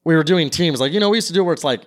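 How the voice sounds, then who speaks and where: A man's voice: fairly high pitch, very fast. A young man telling a long rambling story in casual chat, acting out what people said. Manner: rambling, quotes people in their voices. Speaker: podcast guest.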